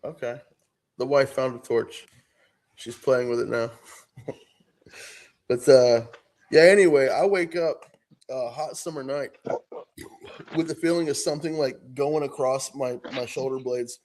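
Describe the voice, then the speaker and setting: A man's voice: mid-range voice, steady tone, unhurried, long pauses, a little mellow. A middle-aged man on a podcast, telling a profane story in casual chat, often laughing. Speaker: podcast co-host.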